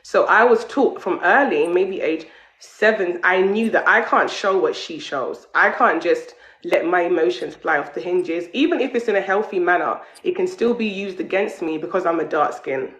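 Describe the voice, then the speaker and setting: A woman's voice: on the low side, normal speed, a bit bright. Earnest woman in an echoey room. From United Kingdom. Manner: earnest, explains her experiences at length. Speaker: panel discussion guest. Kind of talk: panel discussion.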